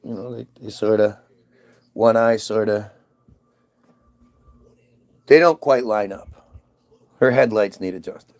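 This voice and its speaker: A man's voice: on the low side, slow pace, pauses often, darkish tone. A man talking casually to the camera outdoors in freezing weather, rambling, swearing and stammering as he repeats himself. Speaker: vlogger.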